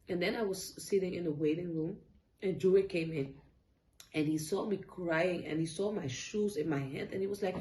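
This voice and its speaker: A woman's voice: lowish voice, darkish tone, slight background noise, poor audio. Tearful woman telling a personal story. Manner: open, halting storytelling with many fillers and restarts. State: tearful at times. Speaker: vlogger. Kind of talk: emotional personal story time.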